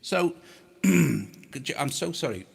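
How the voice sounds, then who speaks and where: A man rambles through a playful demo, his voice processed by a harmonizer pitch effect. He talks slowly with a husky edge and a lively, bouncing pitch. He keeps mocking himself as he goes. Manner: joking, rambling, self-mocking. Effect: voice run through a harmonizer pitch effect. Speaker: host demonstrating audio effects. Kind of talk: casual demo chat with playful joking.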